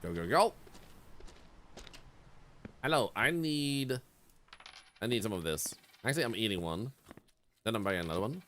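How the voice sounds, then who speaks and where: A man streams a game and keeps up a loose, playful running commentary. He chats to his viewers and greets the characters on screen, his pitch rising and falling a lot. A faint hiss of noise sits under the voice. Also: expressive, normal speed, long pauses, a bit bright. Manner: chatty, talks to chat and to game characters, playful. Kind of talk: casual gameplay commentary.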